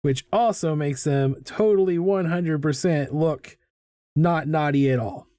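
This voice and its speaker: A middle-aged man with a fairly high voice chats casually as he sketches, wandering from topic to topic and poking fun at himself. His sound is dry and close, with no room around it. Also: unhurried, warm tone, no echo. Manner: rambling, self-mocking and chatty. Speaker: artist hosting a live drawing stream. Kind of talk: casual chat while drawing. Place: home art studio.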